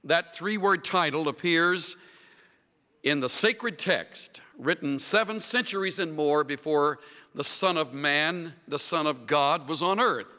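A male preacher delivering a sermon, reading scripture in a measured, solemn way. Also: on the high side, pushed and bright, no room sound.

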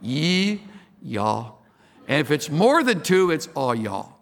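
A man's voice: mid-range voice, sing-song, fairly quick, in a large hall, background noise. A man doing a teasing Southern speech coach.

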